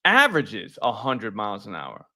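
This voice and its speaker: A man's voice: fairly low pitch, huge pitch swings, normal speed, sharp tone. A man hosting a live sports betting stream, chatting loosely and profanely with viewers. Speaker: sports betting show host. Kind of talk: casual live-stream chat.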